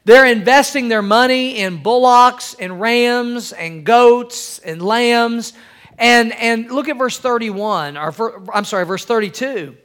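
A man's voice: slow pace, a bit bright, smooth. A middle-aged man preaching a sermon, asking for amens and acting out everyday scenes. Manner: preacherly, calls for amens, acts out quoted wives in a high voice. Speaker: pastor.

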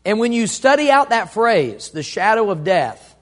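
A high-pitched man preaching from the pulpit. He calls on the congregation to repeat lines back to him, and he swings from ringing emphasis down to slow, hushed delivery. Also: big pitch swings. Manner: call-and-response preaching, dynamic swings from loud to hushed. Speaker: pastor. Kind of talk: sermon.

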